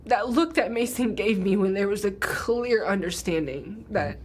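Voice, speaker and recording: A woman in her thirties, widow of a veteran, recounting painful family moments in a halting, emotional interview. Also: mid-range voice, lively intonation, slightly rough. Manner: tearful, halting, retelling conversations.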